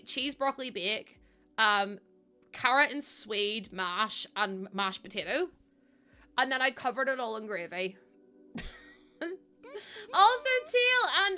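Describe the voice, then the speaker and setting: Bright chatty woman streamer. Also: fairly high pitch, clean tone. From Ireland. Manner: chatty, laughs often, talks to chat. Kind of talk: casual live-stream chat.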